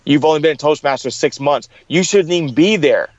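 A middle-aged man with a fairly high voice tells his story, acting out the people he quotes. The recording is dry and a little dull. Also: a little fast, no room sound. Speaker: guest. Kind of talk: storytelling in an interview.

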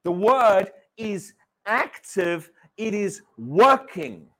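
A British pastor preaches a sermon to his congregation in a church hall, speaking extremely slowly in a high, pushed, bright voice. His pitch swings widely as he stresses each point, and he repeats key words while constantly questioning the room.

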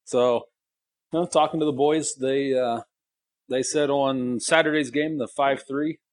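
A man's voice: mid-range voice, fairly even intonation, unhurried, dry recording. A man co-hosting a casual podcast by phone from a car parked in his garage, rambling through self-deprecating stories and laughing often. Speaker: co-host.

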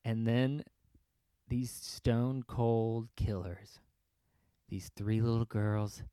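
Sarcastic ranting man, low dry voice. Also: warm tone, no room sound. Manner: sarcastic, laughs often, acts out voices in whispers. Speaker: podcast host. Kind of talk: comedic ranting monologue.

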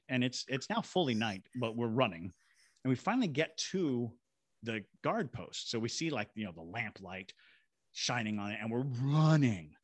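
A man's voice: mid-range voice, no room sound. A man, a paranormal investigator and ghost tour guide, telling a story as a podcast guest and acting out voices and sound effects. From Savannah, Georgia. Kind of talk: animated storytelling in a podcast interview.

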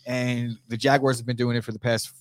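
A man's voice: medium pitch, flat delivery, fairly quick, no room sound, clean studio sound. A man co-hosting a casual sports talk show, laid-back and profane with firm opinions. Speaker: podcast co-host.

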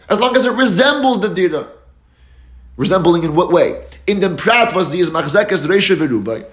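A man giving a Talmud lecture, explaining each step in a steady teaching cadence and lifting his voice on key terms. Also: fairly high pitch. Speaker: Torah teacher. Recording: echoey room.

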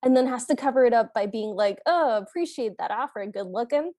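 A woman's voice: fairly high pitch, lively intonation, fairly quick, a little mellow, dry recording, clean studio sound. A woman co-hosting a podcast, chatting casually about a movie and adding her own reactions and questions. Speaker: podcast co-host. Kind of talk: casual movie recap chat.

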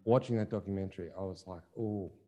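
A man's voice: lowish voice, a little fast, dark tone. A young adult man co-hosting a podcast, speaking candidly and thinking aloud, with lots of "like" and some mild swearing. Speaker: podcast co-host, musician. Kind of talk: casual chat.

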